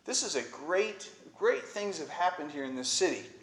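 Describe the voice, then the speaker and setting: A preacher, a man, walks through a Bible story as if chatting with friends, slipping into the quoted characters' voices. His voice sits a little high for a man. The sound carries a noticeable room echo. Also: big pitch swings, normal speed, fairly bright tone. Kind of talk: informal Bible teaching.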